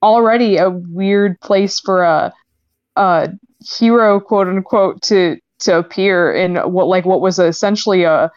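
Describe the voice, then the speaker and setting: A woman's voice: medium pitch, a little slow, smooth, lo-fi sound. A woman chatting casually on a podcast panel, giggly and full of fillers. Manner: giggly, lots of fillers and laughs. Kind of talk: casual chat.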